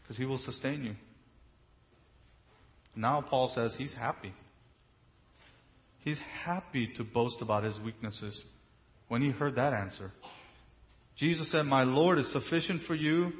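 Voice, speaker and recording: A man's voice: mid-range voice, fairly bright tone. Emphatic preacher man, slightly dull audio. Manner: emphatic, with slow drawn-out stresses and rhetorical questions. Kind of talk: sermon.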